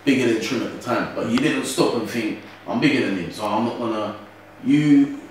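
A man's voice: medium pitch, lively intonation, moderate pace, slight background noise. A young man with a London accent, a grime MC talking casually in an interview and often asking "you get what I'm saying?". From Britain. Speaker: grime MC guest. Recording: roomy echo from a distant mic.

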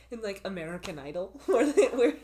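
A woman's voice: mid-range voice, big pitch swings, moderate pace, background noise. A young woman in her twenties, a podcast guest, talking casually with lots of laughter and filler words. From Canada. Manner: giggly, rambling, many filler words. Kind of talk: casual conversation.

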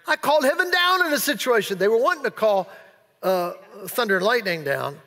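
A man preaching a sermon as pastor, animated and playful, acting out excited exclamations. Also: very high-pitched, a little fast, long reverb tail. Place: large church hall.

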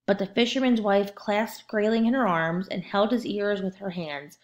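A woman narrating a children's storybook aloud in a steady, expressive way. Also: medium pitch, moderate pace.

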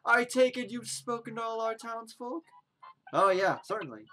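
A woman voicing a pompous, self-important male mayor who greets visitors with loud, drawn-out proclamations. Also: fairly high pitch, animated, voice pushed up.

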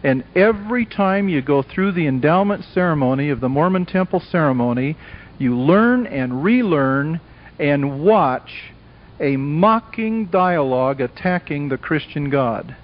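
A man's voice: fairly high pitch, lively intonation, measured pace. Emphatic man lecturing on a dull old tape. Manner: dramatic, emphatic, acts out characters in quotes. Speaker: Christian speaker. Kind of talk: evangelistic lecture with acted dialogue. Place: lecture hall before a live audience.

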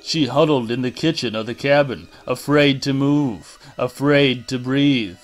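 A man reading a horror novel aloud in a deliberate, dramatic narration style. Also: medium pitch, soft background music. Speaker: audiobook reader.

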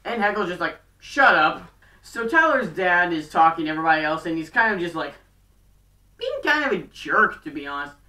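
A woman casually recapping a TV show, rambling and talking in quick bursts full of fillers. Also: lowish voice, sing-song, bright, forceful tone. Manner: chatty and rambling, fast bursts, many fillers. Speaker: fan video recapper. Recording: roomy, distant from mic.

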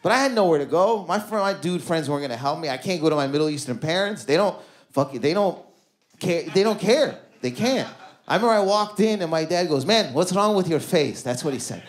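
A man in his thirties doing a stand-up comedy set in a club, loose and conversational, throwing quick asides to the crowd. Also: on the high side, lively intonation. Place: comedy club stage before a live audience.

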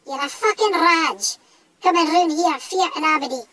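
A man voicing a small, cocky, foul-mouthed male dog with a northeast Scottish accent, speaking in a high squeaky voice. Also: normal speed, very noisy. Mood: defiant. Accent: Scottish (northeast, Doric). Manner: sweary, blustering tough talk.

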